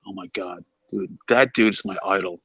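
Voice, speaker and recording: Excitable swearing man, husky and low. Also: moderate pace, lo-fi sound. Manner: excitable, swears a lot, loud outbursts. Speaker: co-host. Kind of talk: casual livestream banter.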